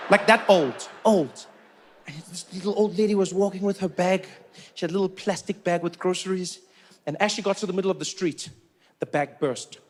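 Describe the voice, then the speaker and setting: South African male stand-up: high voice, animated, punchy repetition. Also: a little fast, slight background noise. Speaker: stand-up comedian. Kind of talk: stand-up comedy set.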